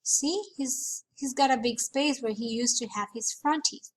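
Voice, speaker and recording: A woman's voice: a little high, unhurried. A woman voicing a matter-of-fact schoolboy in a storybook reading.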